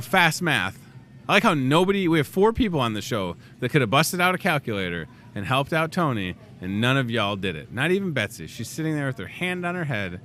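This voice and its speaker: A man's voice: medium pitch, slight background noise. A man in his thirties hosting a live in-store talk show, joking and rambling through asides. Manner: animated, jokey, rambling asides. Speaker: host. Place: grocery store set.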